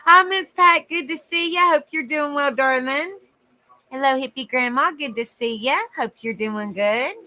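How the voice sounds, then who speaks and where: A woman's voice: high-pitched, measured pace, pushed and bright, poor audio. A woman with a Southern US accent, hosting a casual live stream, chatty and giggly as she greets viewers by name. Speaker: livestream host.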